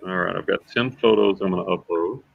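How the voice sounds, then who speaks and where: A man's voice: low voice, brisk, creaky. A man hosting a casual livestream, chatty and repeating words as he thinks aloud. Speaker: livestream host and reseller. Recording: slightly dull lo-fi sound.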